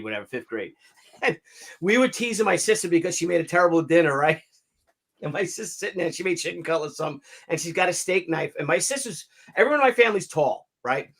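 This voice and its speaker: Man, middle-aged, high-pitched, very lively pitch, casual storytelling. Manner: animated, laughing storyteller.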